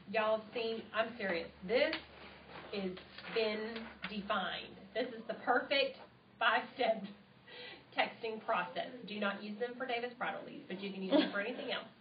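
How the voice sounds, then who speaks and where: A woman's voice: on the high side, slight background noise. Bubbly woman training a group. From United States. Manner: bubbly and enthusiastic, chatty. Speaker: sales trainer. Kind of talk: live training session. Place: room with a small group. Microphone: tablet mic from across the room. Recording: roomy, distant, dull tablet stream.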